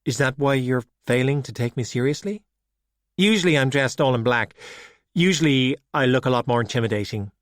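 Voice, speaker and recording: Man doing a young Irish girl detective, higher voice, insistent, dry close sound. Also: brisk, dry recording, close to an everyday voice. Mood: irritated. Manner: insistent, wry and impatient.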